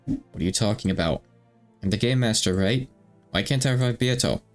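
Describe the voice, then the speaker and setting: A man's voice: fairly low pitch, a little fast, soft background music, natural voice. A man voicing a brash, demanding young man who is exasperated and insistent. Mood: agitated.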